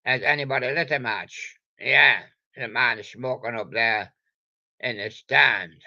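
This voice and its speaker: A man's voice: mid-range voice, a little slow, creaky, sharp tone, muffled recording. An older man rambling playfully to himself in a meandering solo monologue. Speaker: vlogger.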